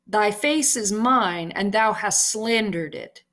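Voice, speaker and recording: A woman's voice: medium pitch, animated, takes it slowly, a bit bright. A woman reading a cocky, possessive young nobleman suitor in a Shakespeare scene, with a smug, self-assured delivery.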